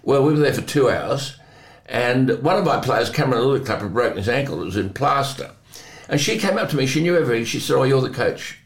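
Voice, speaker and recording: A man's voice: mid-range voice, expressive, quick pace, reverberant. An older man, hosting and telling anecdotes in a chatty way, chuckling often. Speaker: host. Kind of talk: conversational storytelling.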